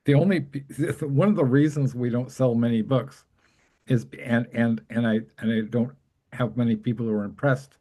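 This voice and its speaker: A man hosting a casual chat, talking in an excited, rambling way with frequent laughs. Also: mid-range voice, normal speed. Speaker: host.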